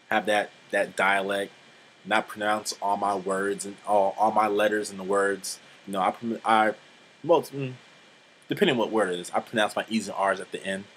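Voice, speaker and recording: A man's voice: lowish voice, fairly bright tone, a little hiss or hum, poor audio. A man in his twenties talking in a casual vlog monologue, rambling and blunt, swearing freely, with many fillers. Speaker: vlogger.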